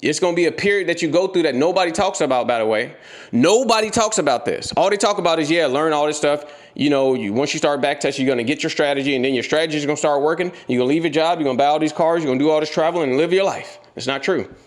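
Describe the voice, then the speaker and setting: A man's voice: a little high, fast. Blunt, profane man on a motivational rant. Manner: blunt, profane, repetitive, confrontational. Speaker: trading educator.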